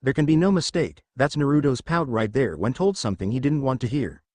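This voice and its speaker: Guy reading as a lazy teen genius, calm dry voice, close dry mic. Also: mid-range voice, fairly quick, no room sound, natural voice. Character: lazy, sharp-minded teenage boy strategist.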